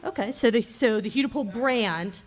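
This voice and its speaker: A woman's voice: on the high side, normal speed. Woman, podcast co-host, casual chat, teasing, laughs a lot, recorded live at a bar. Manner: chatty, laughs often, teasing.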